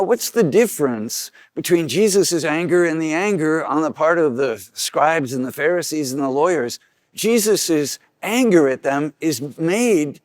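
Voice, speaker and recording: Man, priest preaching a homily, earnest, slightly high voice, dry close sound. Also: no echo. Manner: earnest preaching, acts out quoted voices with rising pitch.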